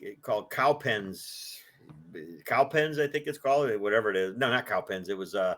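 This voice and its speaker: A man's voice: fairly low pitch, normal speed, fairly bright tone. An older man telling rambling stories in a casual interview, acting out what other people said. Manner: rambling anecdotal storytelling, acts out quoted voices. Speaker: guest, collector of a presidential car.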